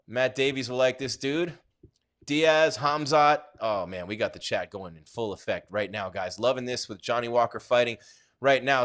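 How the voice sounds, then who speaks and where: A man hosting a live fight-night stream, chatting casually and shouting out viewers in the chat. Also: mid-range voice. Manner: hyped, rambling, shouting out viewers. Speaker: livestream host.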